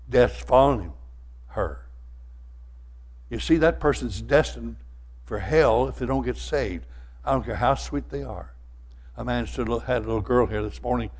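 An older man preaching a sermon as pastor, fervent, swelling louder and repeating words as he presses a point. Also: medium pitch.

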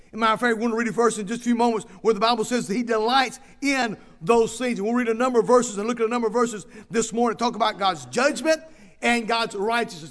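Man, pastor, sermon, high voice, emphatic repeating delivery. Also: fast, a bit bright. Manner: preaching with emphatic repetition, reading scripture aloud.

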